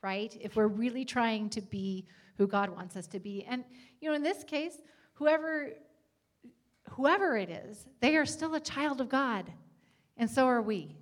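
Woman, church guest speaker, gentle and earnest, slightly higher voice. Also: animated, unhurried. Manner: earnest, warm, gentle with frequent fillers. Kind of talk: church talk on etiquette.

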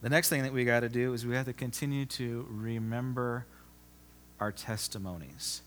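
Bright-voiced guy preaching a sermon, punchy, loud then quiet, big reverby hall. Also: medium pitch, steady tone, normal speed, a little hiss or hum. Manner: emphatic, repeats phrases and restarts, swings loud then soft. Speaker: pastor. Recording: long reverb of a large hall.

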